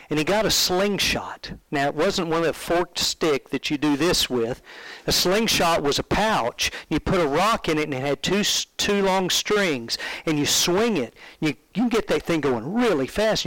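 A male preacher giving a sermon in an animated, conversational storytelling way, asking his listeners questions. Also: a little high, moderate pace, dry recording, low-quality recording.

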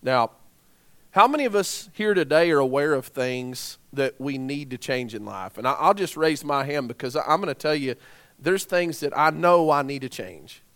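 High-voiced man preaching a sermon. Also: expressive, moderate pace, a bit bright. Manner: conversational, asks the congregation rhetorical questions.

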